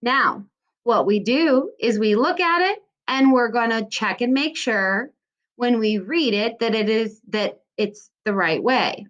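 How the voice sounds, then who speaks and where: A woman teaching a recorded phonics lesson to second graders, sounding out words slowly and encouraging the children as she goes. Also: fairly high pitch, lively intonation, highs cut off.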